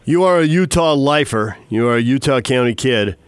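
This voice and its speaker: A man hosting a sports radio interview, asking questions with long, energetic set-ups. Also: mid-range voice, moderate pace, smooth, dry recording.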